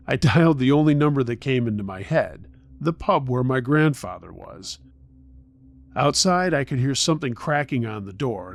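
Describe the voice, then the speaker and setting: A man narrating a true scary story in the first person, tense and urgent. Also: mid-range voice.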